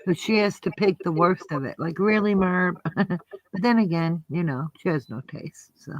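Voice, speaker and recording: A woman's voice: on the low side, moderate pace, dull audio. A woman with a New Jersey accent, chatting and laughing often as she co-hosts a livestream. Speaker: livestream co-host. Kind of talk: casual chat.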